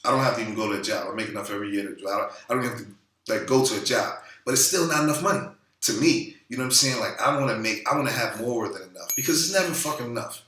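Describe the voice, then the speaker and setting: A man's voice: mid-range voice, quick pace, pushed and bright, far from the mic. A man vlogging casually about money in a loose, profane, rambling way, full of fillers. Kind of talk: casual talking-head monologue. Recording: roomy echo, a bit off-mic.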